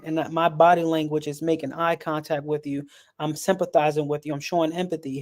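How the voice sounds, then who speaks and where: A man speaking earnestly in a casual, personal way, his voice sitting a little higher than most men's. His delivery stays level and unvaried, and he often repeats a word or two as he searches for what to say next. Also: fairly even intonation, normal speed, darkish tone. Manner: earnest, repeats words while searching for them. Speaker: speaker on a sports and mental health stream.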